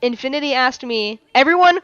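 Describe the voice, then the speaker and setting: A twenty-year-old woman hosting a live chat, with a high voice and a playful, theatrical way of talking. She laughs often and slips into mock outrage. The sound is dry and a little dull. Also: animated, fairly quick, a bit bright, clean tone, no room sound, faint music behind. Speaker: podcast host. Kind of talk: casual live-stream chat.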